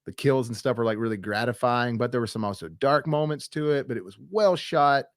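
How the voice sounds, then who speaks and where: A man's voice: mid-range voice, brisk, dry recording, studio quality. A young man hosting a movie news show, chatting casually and enthusiastically with fillers and asides to viewers.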